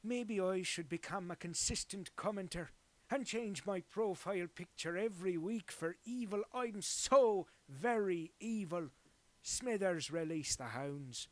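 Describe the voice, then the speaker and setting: A man putting on the voice of a scheming old cartoon tycoon, with slow, drawn-out villainous gloating. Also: sits high, no room sound, voice pushed up.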